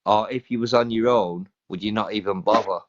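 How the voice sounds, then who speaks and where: A British man with a lowish voice hosts a live stream, speaking briskly in a steady tone. His casual chat is hesitant, with frequent restarts, and the audio is dull lo-fi stream quality.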